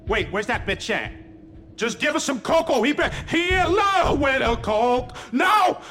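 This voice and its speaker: Young male streamer, high and lively voice, swearing and panicking through a horror game, faint music underneath. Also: a little slow. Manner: loud, profane, panicky reactions. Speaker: gamer streamer. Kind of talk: live horror game commentary.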